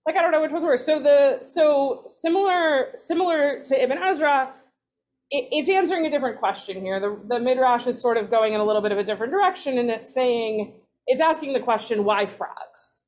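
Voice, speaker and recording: Woman teaching a text study, bit high voice, chatty, corrects herself a lot, jokey asides. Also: brisk, a little mellow.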